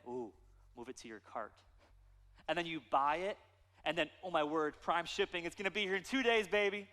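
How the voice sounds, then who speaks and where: Pastor in his 30s, preaching with a fairly high, lively voice; long church-hall reverb. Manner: animated storytelling with playful asides. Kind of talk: sermon.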